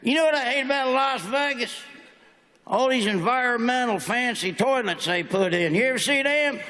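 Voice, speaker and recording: A man's voice: very high-pitched, moderate pace, bright, forceful tone. A man with a Southern American accent doing a stand-up comedy set, delivering folksy punchlines in a drawl. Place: large hall on stage. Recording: stage mic in a big reverberant hall.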